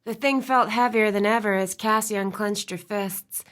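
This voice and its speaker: Expressive woman audiobook narrator, storytelling voice, soft in tender moments. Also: medium pitch, normal speed. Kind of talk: scripted narration.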